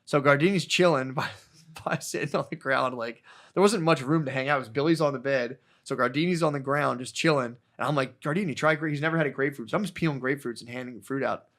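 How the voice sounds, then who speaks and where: A man's voice: mid-range voice, fast, a bit bright. A man co-hosting a podcast, telling a long, rambling story in casual chat, full of swearing and acted-out quotes. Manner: rambling, profane, acts out quotes. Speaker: podcast co-host.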